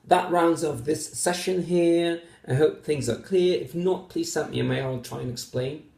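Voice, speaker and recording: A man's voice: fairly high pitch, normal speed, creaky, a little mellow, echoey room. A man teaching phonetics, patiently explaining test answers in a recorded lecture, with many fillers as he thinks aloud.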